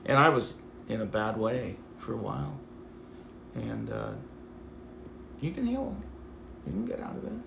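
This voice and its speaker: A man's voice: fairly low pitch, huge pitch swings, measured pace, gravelly, long pauses, fairly bright tone, echoey room, a little hiss or hum. A man hosting a casual livestream, talking to his viewers in a rambling, affectionate way full of "like". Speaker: livestream host.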